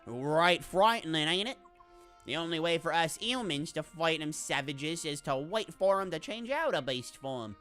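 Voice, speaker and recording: A woman voicing a gossiping, rough-spoken male soldier who drawls coarse slang and spreads rumours in a sly, conspiratorial way. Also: low voice, animated, moderate pace, a bit bright, faint music behind.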